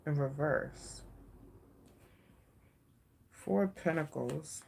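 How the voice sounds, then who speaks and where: Low gravelly woman reading tarot live. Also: very slow, a little hiss or hum. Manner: soft-spoken, emotional, reassuring, checks in with "okay?". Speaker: tarot reader.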